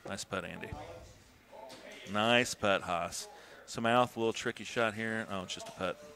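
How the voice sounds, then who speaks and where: A man casually commentating a golf video game stream, joking, swearing and bursting into excited shouts. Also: on the low side, normal speed, vocal fry.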